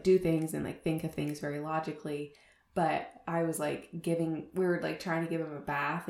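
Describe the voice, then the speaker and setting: Sharing the story of giving birth, this young woman chats on a podcast she co-hosts, rambling, leaning on fillers, and laughing frequently. Her voice sits low, and the recording has a roomy sound.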